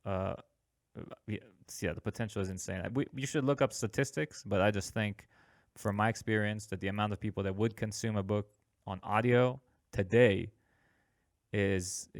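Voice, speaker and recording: A man's voice: lowish voice, moderate pace, no room sound, clean studio sound. A man hosting a podcast, talking earnestly with many hesitations and frequent laughs. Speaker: podcast host. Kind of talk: casual podcast chat.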